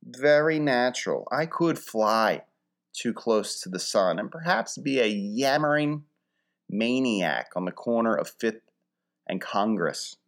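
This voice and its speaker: A man's voice: medium pitch, animated, slow, vocal fry. A man from Philadelphia hosting a casual comic monologue, rambling with wry, dry humor and mock-grand wording.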